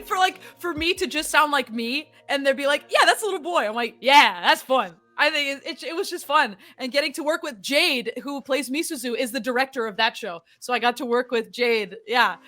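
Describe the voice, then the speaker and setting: Young woman voice actress, podcast guest, bright and slightly high, animated and laughing, faint music behind. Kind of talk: casual podcast interview.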